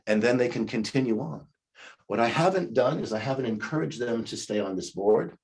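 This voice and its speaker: A leadership coach in his fifties teaches a recorded class lecture in a conversational way, acting out the replies he recommends. His mid-range voice is expressive and brisk, with a darkish tone and a breathy edge.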